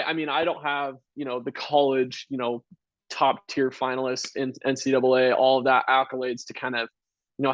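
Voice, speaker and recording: Earnest young coach on dull, dry audio. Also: male voice, mid-range voice, dry recording. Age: about 30. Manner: earnest, fillers like "you know" and "like". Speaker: guest, college track coach. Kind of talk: casual interview answers.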